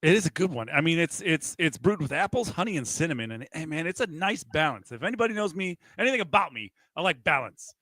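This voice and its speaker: A man co-hosting a casual sports talk show, animated and jokey, laughing often. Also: a little high, quick pace, few pauses, dry recording. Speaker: podcast co-host.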